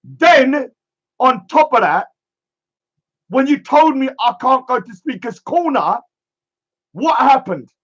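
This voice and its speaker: High-voiced man ranting scornfully. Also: animated, slow pace, pauses often, fairly bright tone, highs cut off. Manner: emphatic and scornful, repeating a catchphrase. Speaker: streamer. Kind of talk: ranting monologue.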